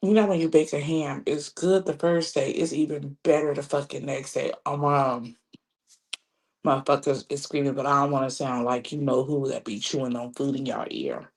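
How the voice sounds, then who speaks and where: A woman's voice: rumbling low, steady tone, moderate pace. An older woman hosting a casual live stream, profane and chatty, greeting viewers by name and keeping her voice down at times. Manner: hushed at times to keep a grandchild asleep. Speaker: livestream host.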